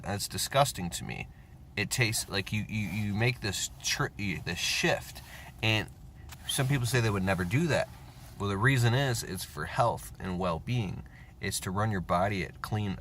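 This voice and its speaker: A man in his thirties talking casually in a profane, rambling, animated monologue, with whispered asides. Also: sits low, slight background noise. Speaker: self-help vlogger.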